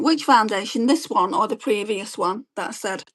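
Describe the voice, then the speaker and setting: A woman, chatting quickly and rambling as she does her makeup and reads viewer comments on a beauty livestream. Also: medium pitch, expressive, fairly bright tone. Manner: fast-talking, chatty, rambling. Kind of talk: casual chat while doing makeup and reading live comments.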